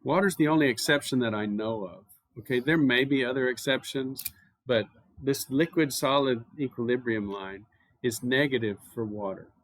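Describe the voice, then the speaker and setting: A man's voice: medium pitch, normal speed. American man giving a chemistry lecture. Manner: relaxed, anecdotal explaining with filler words. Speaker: chemistry professor. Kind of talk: university lecture.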